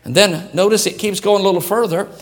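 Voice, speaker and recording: Guy preaching a sermon, high voice, gets loud then drops way down. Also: fast talker. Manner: animated preaching that swings between shouts and hushed asides. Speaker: pastor.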